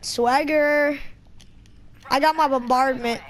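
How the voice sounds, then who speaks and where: Woman, gameplay commentary, excitable, trash-talking, sudden yelps, slightly high voice. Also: takes it slowly. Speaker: gaming channel host.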